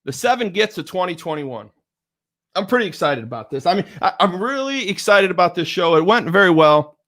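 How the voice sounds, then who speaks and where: A middle-aged man giving a motivational talk, energetic and repetitive, chanting pep-talk lines at himself. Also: sits high, fairly quick. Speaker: motivational speaker.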